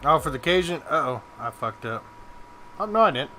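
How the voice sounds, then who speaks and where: A man's voice: on the high side, sing-song, moderate pace, sharp tone. A young man chatting casually while live-streaming a game, swearing and joking as he mocks other people. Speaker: gaming streamer. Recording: game music in the background.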